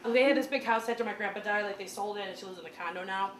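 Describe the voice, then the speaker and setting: A woman doing stand-up storytelling in a small comedy club, chatty and animated, full of "like" fillers. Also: mid-range voice, racing. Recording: echoey club room with crowd noise.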